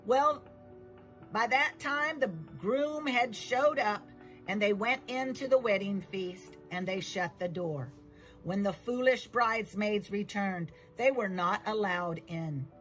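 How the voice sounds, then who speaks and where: A woman giving a children's Bible lesson as a church teacher, telling the story with slow emphasis. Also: mid-range voice, fairly bright tone, soft background music, low-quality recording.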